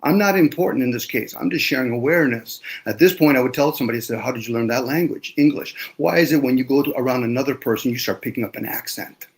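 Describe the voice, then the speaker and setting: A man in a loose panel discussion who lectures with heavy profanity. He swings between quiet asides and loud, pressing bursts. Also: mid-range voice, fast, few pauses.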